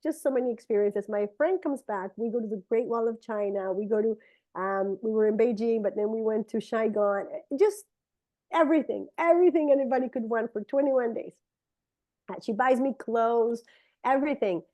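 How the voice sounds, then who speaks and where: A middle-aged woman whose native language is Spanish shares a testimony, telling a personal story at normal speed in a casual, animated way. When she quotes people, she jumps into high, excited voices.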